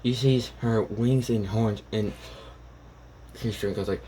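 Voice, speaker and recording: A man casually retelling a fan story out loud, rambling with many fillers and self-corrections. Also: fairly low pitch, fairly even intonation, a little slow, long pauses, a little hiss or hum, low-quality recording.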